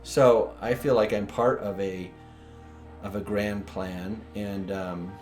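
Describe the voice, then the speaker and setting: Man with a lowish voice thinking out loud, dry jokes, faint guitar behind. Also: steady tone, slow. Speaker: co-host. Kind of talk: casual conversation.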